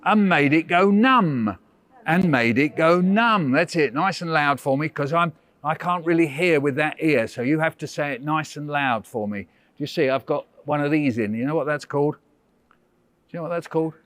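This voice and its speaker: A man's voice: fairly high pitch, a little fast, fairly bright tone, no room sound. An older English man leading a school workshop for small children, playful and coaxing, counting them into call-and-response chants. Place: indoor school room with children.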